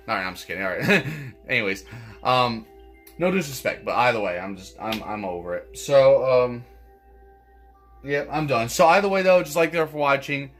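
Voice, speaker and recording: Man, gaming commentary, exasperated, swears a lot, stammers, mid-pitched voice, faint game music. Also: lively intonation, normal speed, fairly bright tone. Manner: frustrated, swears often, stammers and restarts. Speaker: gaming channel host. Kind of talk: let's play commentary.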